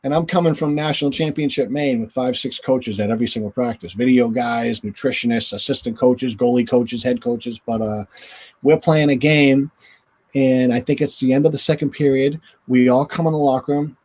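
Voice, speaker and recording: A man's voice: mid-range voice, a little fast, a little mellow, slightly rough. A man, a former hockey goaltender, telling a long story casually as an interview guest and acting out the voices of the people in it. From northern United States.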